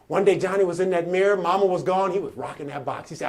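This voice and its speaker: A man giving a motivational speech who tells a story in a preacherly style, calls for answers from the audience and builds to shouting. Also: on the high side, fast talker, hardly any pauses. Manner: preacherly storytelling with call-and-response. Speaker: motivational speaker.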